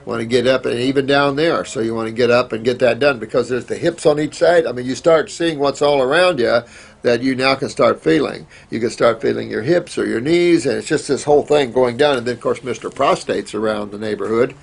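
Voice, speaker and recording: A man with a gravelly, slightly rough voice at an ordinary pitch, hosting a casual question-and-answer show. He talks in a folksy, rambling way, stopping on fillers and restarting his sentences. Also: fairly quick. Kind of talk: casual advice talk.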